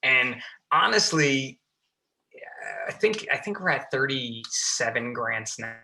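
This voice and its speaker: A man's voice: medium pitch, expressive, slow pace, bright, forceful tone, a little hiss or hum. A man, a fire lieutenant, talking casually as a podcast guest, full of fillers and restarts. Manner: chatty, many fillers and restarts.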